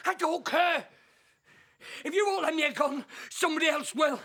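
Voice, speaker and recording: An actor playing a desperate, henpecked married clerk who pleads frantically and breaks into shouted rants. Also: male voice, very high voice, normal speed, exaggerated voice. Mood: ranting. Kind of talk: filmed comedy drama acting.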